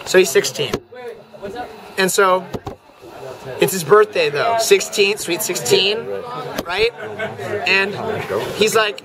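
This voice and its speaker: A teenage boy telling a long, drawn-out joke story to friends with a teasing delivery. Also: sits high, fairly even intonation. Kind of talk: casual shaggy-dog storytelling. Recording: outdoor crowd chatter. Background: chatter of a group nearby.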